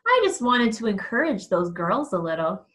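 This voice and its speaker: A woman's voice: mid-range voice, big pitch swings, normal speed, a bit bright. A woman reading aloud, voicing a polite, eager middle-aged mother in a storybook. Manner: polite, encouraging.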